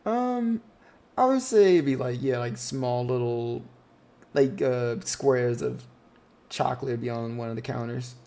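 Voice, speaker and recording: Game master, tabletop narration, casual, halting, mid-pitched voice. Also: dark tone.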